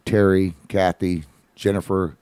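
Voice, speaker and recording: A man's voice: sits low, flat delivery, a little slow, dark tone, smooth, no echo. A man hosting a live radio show, telling a story in a folksy, conversational way and acting out the quoted voices. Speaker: radio host. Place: studio.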